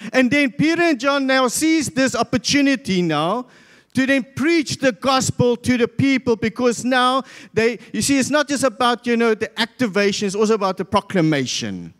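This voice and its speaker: A man's voice: extremely high pitch, fairly bright tone. A South African man preaching a sermon as pastor, telling a Bible story and acting out the crowd's voices. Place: church hall. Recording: long church hall reverb.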